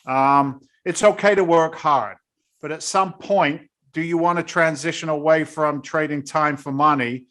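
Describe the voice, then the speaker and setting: A man's voice: on the high side, measured pace, fairly bright tone. A man, a guest in a casual interview, telling his story bluntly and with animation. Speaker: guest, real estate investor.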